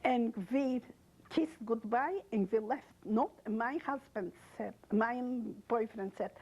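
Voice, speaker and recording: An older woman speaks in a husky, breathy voice that sits a little high. She tells her story haltingly in an interview, with non-native phrasing, and she brings in the words of the people she remembers. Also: a little mellow, lo-fi sound. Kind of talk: oral history testimony.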